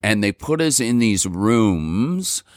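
Deep male guest, quick jokes, easy storyteller, dry close sound. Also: very animated, no echo. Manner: joking, playful, tries on voices. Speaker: guest, tribute band singer. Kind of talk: casual interview chat.

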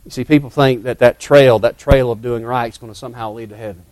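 A middle-aged man, telling a childhood story in a sermon in a folksy, dramatic way that drops to hushed tones. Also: mid-range voice, fairly even intonation, quick pace, no echo. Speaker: preacher telling a testimony.

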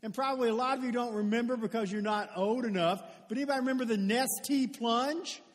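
Man, pastor giving a conversational sermon, very high voice, long church reverb. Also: fast. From Louisville, Kentucky. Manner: conversational, builds to loud emphatic calls. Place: church sanctuary.

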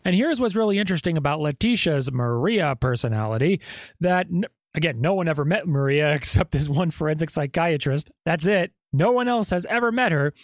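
Man, podcast host, true-crime commentary, skeptical, very lively pitch. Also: fairly quick, no echo, studio quality. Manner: animated, skeptical, rhetorical questions.

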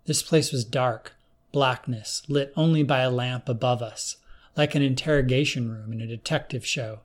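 A man narrating a first-person story in a measured, plain storytelling manner. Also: mid-range voice.

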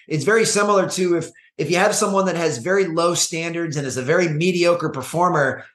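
A man being interviewed as a guest coach, talking in an earnest, measured way with frequent restarts. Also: on the high side, fairly bright tone, reverberant. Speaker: podcast guest, performance coach. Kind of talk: conversational interview.

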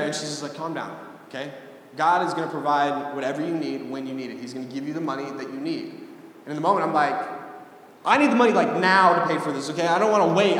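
Fast-talking young man preaching in an echoey hall. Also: fairly high pitch. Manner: casual, storytelling, repeats phrases. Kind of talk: sermon. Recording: echoey hall with long reverb.

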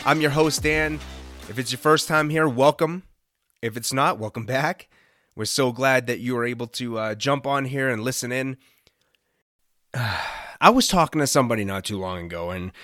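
An earnest male podcast host speaking in a casual devotional tone, his pitch rising and falling a lot as he talks. The sound is dry and close, with no room echo. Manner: earnest, conversational, expressive rises and dips.

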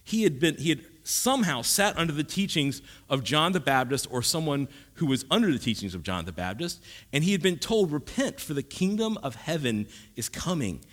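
A male pastor delivering a sermon, his slightly high voice swinging widely in pitch. He teaches in a relaxed, conversational way, dropping jokes and asides as he goes.

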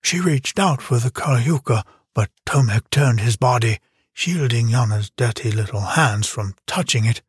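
In a clean studio recording with no room sound, a man narrates an audiobook from a script. His medium-pitched, slightly rough voice tells the story in a measured, even way.

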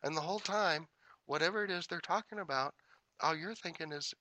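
A man teaching a spiritual talk, repeating affirmations in a measured rhythm, with folksy humorous asides. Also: a little high, bright, forceful tone, no echo. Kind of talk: inspirational talk.

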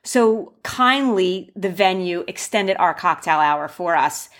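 A young woman casually telling the story of her wedding and giving advice, animated, acting out the quoted voices with gasps. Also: lowish voice, slow. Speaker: bride sharing wedding advice.

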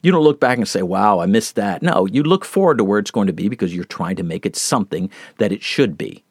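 Low-voiced man preaching a sermon. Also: quick pace, breathy edge, no echo, studio quality. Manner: earnest, plain-spoken teaching with lively shifts in pace and loudness.

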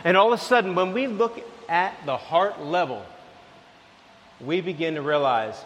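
A man preaching a sermon, telling a lively everyday story, then dropping to soft, low lines. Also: unhurried, long pauses, big-room sound, slight background noise. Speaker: pastor.

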